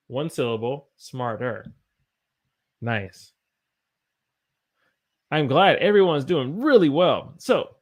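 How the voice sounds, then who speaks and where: A man's voice: a little high, very animated, slow, long pauses. A man from the United States teaching English on a live stream, tired after a long day and encouraging as he reads out viewer sentences and corrects them.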